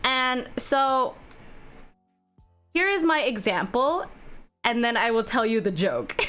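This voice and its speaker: A young woman with a fairly high voice chats loosely with her viewers while drawing on a livestream. She rambles from one aside to the next, filling gaps with "like" and "um" and laughing often. Soft music plays faintly underneath. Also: sing-song, takes it slowly. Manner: rambling, chatty, laughs often, many fillers. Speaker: art streamer. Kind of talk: casual chat while drawing on stream.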